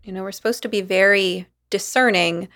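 A woman hosting an interview who speaks as a clinician, measured and thoughtful in her responses. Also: mid-range voice, bright, forceful tone. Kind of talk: conversational interview.

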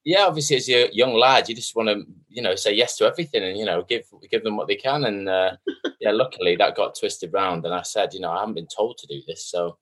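Male actor guest, low-ish register, easygoing self-deprecating storyteller. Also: fairly quick. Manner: chatty, self-mocking storyteller, lively quoting. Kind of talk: casual interview chat.

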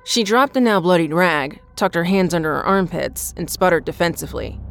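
Low, measured woman narrating a horror story. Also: expressive, gravelly, soft background music.

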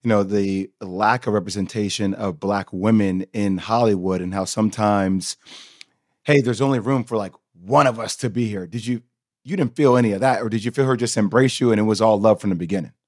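Husky-voiced man hosting a podcast. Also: lowish voice, fairly quick, a little mellow, no room sound, studio quality. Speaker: podcast host. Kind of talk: conversational interview and scripted promo.

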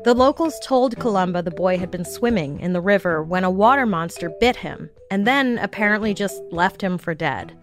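A woman's voice: mid-range voice, expressive, normal speed, hardly any pauses. Woman podcast host telling weird tales, sarcastic little asides, faint music under her. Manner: wry, jokey asides. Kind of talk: scripted storytelling narration.

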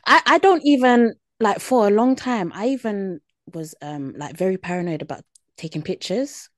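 A woman's voice: mid-range voice, expressive, normal speed, no room sound, clean studio sound. A woman, co-hosting a podcast and telling stories in a laid-back way with many fillers. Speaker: podcast co-host. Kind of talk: casual chat.

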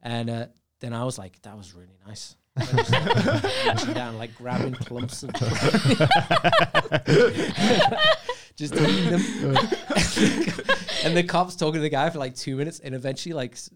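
A man's voice: on the high side, very animated, takes it slowly, long pauses, heavy background noise. Rambling young man telling a story. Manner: rambling anecdote full of "like", laughs a lot. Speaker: podcast guest. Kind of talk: casual chat, storytelling.

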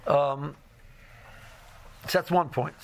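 Gravelly man giving a rambling Torah class. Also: on the high side, fairly even intonation, takes it slowly. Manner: rambling, full of "you know" and restarts; mixes Hebrew and Yiddish terms into English. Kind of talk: informal religious lecture.

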